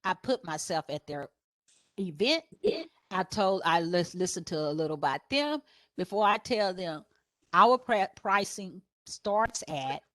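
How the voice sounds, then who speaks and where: A woman photographer sharing business advice on a panel. She tells stories and acts out her customers' questions in a higher voice, laughing often. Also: a little slow, dry recording, clean studio sound. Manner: lively storyteller who acts out customers in a higher voice; laughs often while talking.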